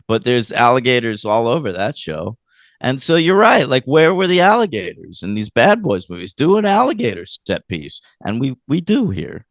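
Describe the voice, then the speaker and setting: A man co-hosting a casual film review podcast, rambling and animated as he retells scenes, with lots of fillers. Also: medium pitch, moderate pace, dry recording, clean studio sound. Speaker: podcast co-host.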